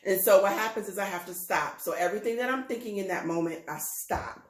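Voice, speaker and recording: A woman co-hosting a casual talk, calmly explaining a breathing practice step by step. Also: mid-range voice, a little fast, roomy sound, poor audio. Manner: calm, instructive, steady. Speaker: co-host. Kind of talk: casual chat on mindfulness.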